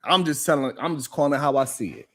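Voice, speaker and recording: A man hosting a live talk show, ranting in animated, profane commentary and repeating himself for emphasis. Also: medium pitch, fast. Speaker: host.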